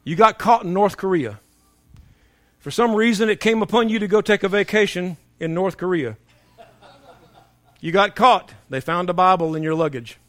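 A man preaching a sermon, emphatic and humorous, swinging between shouting and hushed tones as he tells stories. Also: high-pitched, normal speed, pauses often, dry recording. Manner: storytelling with humor.

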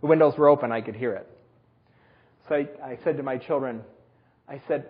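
A man preaching a sermon, telling personal stories with self-deprecating humor in a husky voice. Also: mid-range voice, expressive, fairly quick, long pauses, dull audio. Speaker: pastor.

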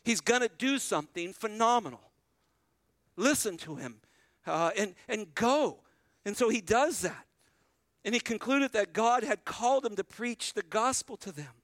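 High-voiced man preaching a sermon. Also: a bit bright, dry recording. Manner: earnest, conversational preaching that retells scripture vividly; addresses the congregation directly. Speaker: pastor.

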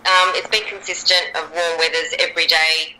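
Bright-voiced Australian woman in her fifties. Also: deep voice, flat delivery, normal speed, poor audio. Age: 50s. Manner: chatty, with frequent ums. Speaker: guest actor. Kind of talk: casual interview chat.

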